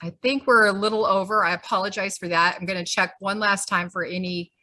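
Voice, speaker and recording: A woman's voice: medium pitch, steady tone, a little fast, pushed and bright. A woman leading a grassroots group, giving rousing, conversational closing remarks on a video call. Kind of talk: closing remarks at an online meeting.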